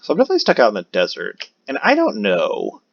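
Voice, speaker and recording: A man's voice: fairly low pitch, huge pitch swings, fast, gravelly, husky. A man giving casual gameplay commentary as a new content creator, rambling and chatty with many fillers. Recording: dull lo-fi recording.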